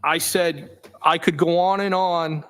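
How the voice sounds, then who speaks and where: A man testifying as a trial witness, reading text messages aloud in a steady, matter-of-fact way, saying the punctuation out loud. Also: fairly high pitch, slow, clean tone. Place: courtroom.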